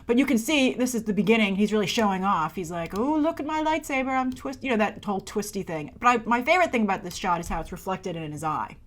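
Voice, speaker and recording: A woman hosting a movie review show, chatting casually and sarcastically through a trailer breakdown and playing out characters' lines in quick asides. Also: medium pitch, expressive.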